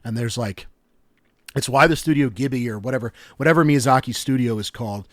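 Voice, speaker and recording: A young adult man on a podcast, telling stories in a rambling, animated way with lots of fillers. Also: mid-range voice, a little fast, dry recording, clean studio sound. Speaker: podcast co-host. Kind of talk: casual chat.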